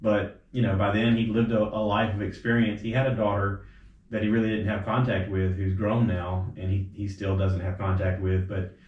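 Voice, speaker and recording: A man hosts a casual, chatty podcast, speaking at normal speed in a fairly low voice. He rambles from story to story, acting out quotes with abrupt, animated pitch jumps. The sound is a roomy, somewhat dull home recording.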